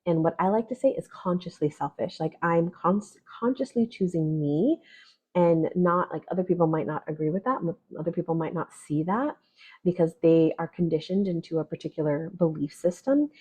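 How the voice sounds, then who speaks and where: A woman's voice: lowish voice, moderate pace, darkish tone, slightly rough. A woman astrologer giving a casual spoken forecast, chatty and full of "right?" and "like". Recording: dull lo-fi audio.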